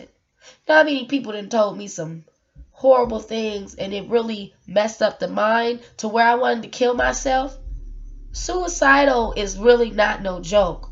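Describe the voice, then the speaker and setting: A woman's voice: fairly high pitch, a bit bright, lo-fi sound. Earnest woman in an emotional vlog. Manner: emotional, earnest, repeats words, rhetorical questions. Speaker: single mother sharing her story. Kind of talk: personal vlog monologue.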